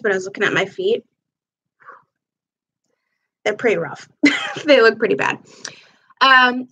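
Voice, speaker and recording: A woman with a slightly high voice chats casually during a live makeup stream. She meanders from one thing to the next while applying products, speaking into her camera at home. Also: a bit bright. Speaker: livestream host. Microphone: camera mic on a live stream.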